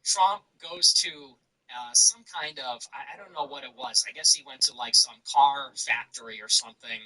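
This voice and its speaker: Husky, sharp-toned male show host. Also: medium pitch, normal speed, rough recording. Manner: blunt, profane, conversational. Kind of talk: casual ranting monologue.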